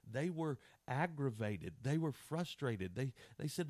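A man's voice: medium pitch, moderate pace, hardly any pauses, a little mellow, no room sound. A man preaching a sermon, passionate and acting out the voices of people in his examples. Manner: impassioned, acts out voices of people and scripture.

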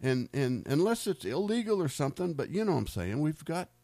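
A man's voice: fairly high pitch, big pitch swings, a little fast, mellow, no echo. A middle-aged man from the United States telling faith stories in a casual, rambling way, often repeating words and laughing. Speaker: speaker sharing faith stories. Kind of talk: casual storytelling testimony.

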